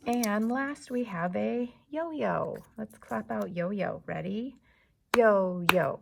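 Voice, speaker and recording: Slow, gravelly woman teaching young children. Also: medium pitch, a little hiss or hum. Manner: slow, patient, clapping out syllables. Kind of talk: classroom lesson for young children.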